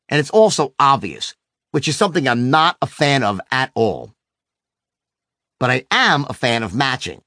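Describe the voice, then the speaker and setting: Brash middle-aged guy teaching sales, voice jumps all over, slightly high, dry close sound. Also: fairly bright tone, dry recording. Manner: brash, swears freely, acts out quotes with big pitch swings. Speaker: sales trainer. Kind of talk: animated teaching monologue with acted anecdotes.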